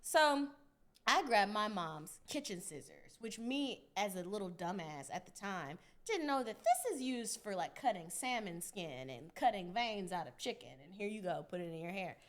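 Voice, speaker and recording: A young woman hosting a podcast, telling a story in a casual, animated, profane way, often laughing. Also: medium pitch, moderate pace. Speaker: podcast host.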